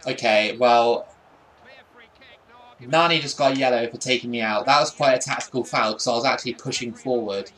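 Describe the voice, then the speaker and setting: A man's voice: mid-range voice, fairly even intonation, normal speed, a bit bright. A young man giving casual commentary over a football video game, often frustrated and swearing at it. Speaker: gaming YouTuber.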